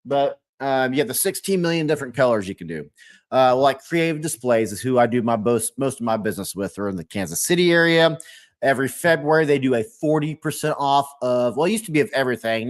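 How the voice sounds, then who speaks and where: A man hosting a relaxed live stream, talking at an ordinary middle pitch. He reads viewer comments aloud and answers them by name. He rambles, thinks out loud and keeps rephrasing himself mid-sentence. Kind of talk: casual live-stream chat.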